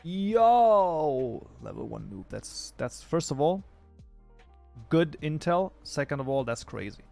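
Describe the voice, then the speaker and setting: A man's voice: medium pitch, expressive, a little slow, vocal fry, darkish tone. Casual male livestream host at a desk mic, talkative and off-the-cuff, faint music behind. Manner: rambling, chatty, thinks aloud with fillers and restarts. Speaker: streamer reading chat. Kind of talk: casual livestream chat while modding a game.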